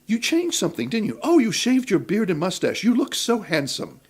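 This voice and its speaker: A man's voice: moderate pace, slightly rough, full character voice. Man putting on a gushing young actress. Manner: excited, high-pitched gushing.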